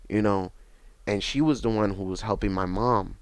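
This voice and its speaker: Low-voiced New man, dry. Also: steady tone, clear, resonant tone, no room sound. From Bronx, New York. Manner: halting, repetitive, reflective storytelling. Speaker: interview guest. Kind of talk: personal testimony.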